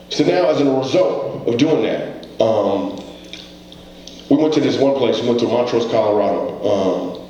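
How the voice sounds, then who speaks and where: A man's voice: medium pitch, a little mellow. A comedian gives an earnest, conversational motivational talk from a stage, weaving stories and rhetorical questions to the crowd. His voice rings through a very echoey hall, with a faint hiss of background noise. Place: stage before a live audience.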